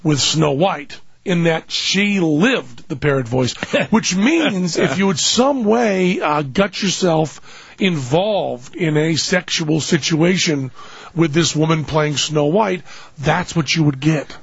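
A man's voice: on the high side, slow pace, slightly rough, dry recording, highs cut off. An older man rambling through a funny anecdote in casual chat, often laughing as he talks. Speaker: guest storyteller.

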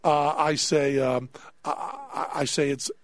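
A man's voice: fairly high pitch, flat delivery, a little slow. A man telling a comic anecdote in conversation, acting out the voices of other people in his story. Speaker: podcast guest telling a story.

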